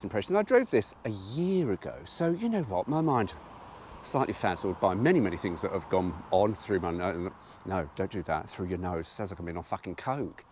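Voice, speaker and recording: A British man chats through a car review from behind the wheel, rambling and frank, with plenty of swearing. His pitch rises and falls a lot as he talks. He is recorded on a GoPro inside a moving car. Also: lively intonation, normal speed, a little mellow, soft background music. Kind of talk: casual driving vlog. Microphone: GoPro camera.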